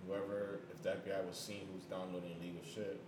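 A young man in casual chat, talking in emphatic slang and laughing loudly. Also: low-pitched, flat delivery, quick pace. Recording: echoey room, faint noise.

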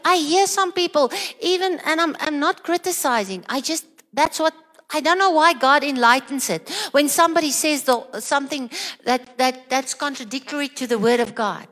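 A woman's voice: high voice, normal speed, fairly bright tone, big-room sound. A woman preaching a sermon, earnest and questioning, with many repeated rhetorical questions.

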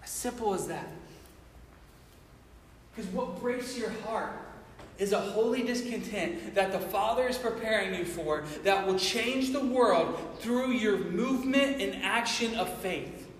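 A man's voice: sits high, unhurried, a bit bright. Man, sermon, rhetorical questions, roomy echo, faint ambient noise. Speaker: preacher. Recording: echoey hall from far off.

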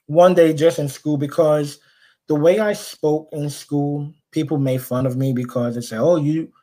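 Animated storytelling man, slightly high voice. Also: a little slow. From Brooklyn, New York. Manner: animated, acts out the people he quotes. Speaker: podcast guest. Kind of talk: storytelling in conversation.

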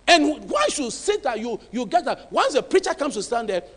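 Male pastor; high, animated delivery; emphatic, hushed to shouting. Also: moderate pace, breathy edge, in a large hall. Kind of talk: sermon.

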